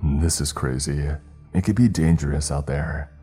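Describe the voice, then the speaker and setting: A doubting, dismissive young man, as a male narrator plays him in a horror story. The voice is low, dark and husky. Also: moderate pace, soft background music. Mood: scoffing. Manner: scoffing, dismissive. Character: skeptical scoffing young man.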